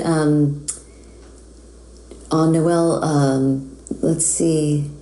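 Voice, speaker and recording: Low, mellow American woman chatting casually while she signs, roomy sound. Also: a little hiss or hum. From United States. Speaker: voice actress signing autographs. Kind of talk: casual live-stream chat.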